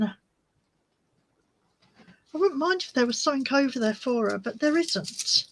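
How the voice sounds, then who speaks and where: A woman's voice: high voice, expressive, unhurried, long pauses, dry recording, rough recording. A woman hosting a crafting vlog, chatting casually and easily distracted while she shows her resin swatches. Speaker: crafting channel host.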